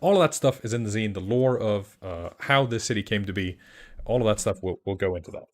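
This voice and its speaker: Excitable rambling man from Iceland. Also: lowish voice, fairly quick. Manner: rambling and excitable, many restarts. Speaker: game master and channel creator. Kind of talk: casual livestream chat answering questions.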